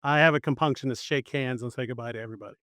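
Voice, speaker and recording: A man's voice: mid-range voice, very fast, fairly bright tone, no room sound, studio quality. A man hosting a casual interview, easygoing and joking, laughing often. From New Orleans suburbs, USA. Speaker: interviewer, host.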